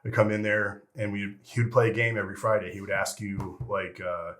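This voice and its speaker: Deep-voiced man telling rambling war stories. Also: flat delivery, fairly quick, fairly bright tone, a little hiss or hum. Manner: rambling and profane, heavy with fillers like "you know" and "freaking". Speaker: interview guest, retired military veteran. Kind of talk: casual storytelling interview.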